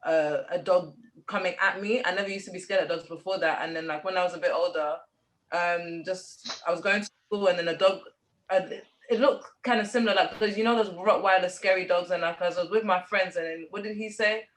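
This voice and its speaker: A woman's voice: fairly low pitch, steady tone, brisk, rough recording. Woman rambling thru a story, lots of um and like, chill chat. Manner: rambling storyteller, many fillers. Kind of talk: casual chat.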